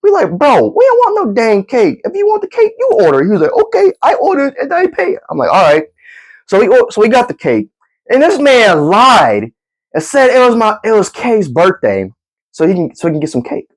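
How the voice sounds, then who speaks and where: A man's voice: high voice, wildly swooping pitch, brisk, poor audio. A young man casually telling a comedic story in slangy talk, acting out his friends with gasps and laughs.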